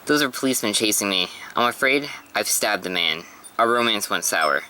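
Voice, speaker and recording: Sultry runaway woman in a manga reading, a man putting her on, bright tone. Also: fairly low pitch, animated, brisk, slight background noise, poor audio. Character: woman, seductive femme fatale on the run.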